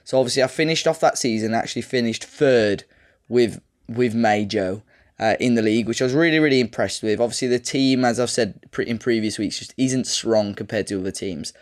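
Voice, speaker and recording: A man's voice: medium pitch, brisk. A man, co-hosting a podcast, telling a long casual story with plenty of fillers and restarts. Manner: rambling, chatty storytelling with fillers. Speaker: podcast co-host. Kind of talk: casual chat about a football management game save.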